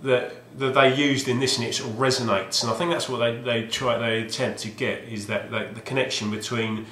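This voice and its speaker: A man's voice: medium pitch, fairly even intonation, a little fast, fairly bright tone, a little hiss or hum. A man vlogging about his video game finds, rambling hesitantly with wry asides and frequent restarts. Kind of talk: rambling casual monologue. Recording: roomy echoey home recording.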